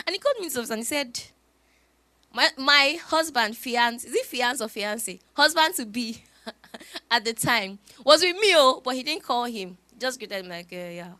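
A woman, preaching a sermon through lively storytelling. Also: a little high, dry recording. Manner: animated storytelling with laughs.

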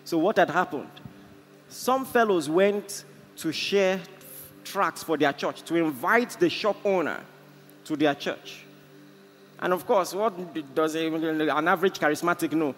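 A Nigerian man preaching with passion, his voice pitched high and ringing bright. He tells stories as he drives his points home. His voice carries through an echoing hall with a faint hum of ambience behind it. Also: expressive, unhurried, pauses often. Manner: impassioned, storytelling preaching. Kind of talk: sermon.

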